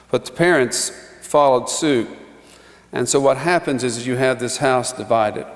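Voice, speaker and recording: Guy preaching in church, chatty with little laughs, mid-pitched, big church echo. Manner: conversational, chuckling asides, acts out quotes. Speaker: pastor. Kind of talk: sermon. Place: church sanctuary. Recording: church hall reverb.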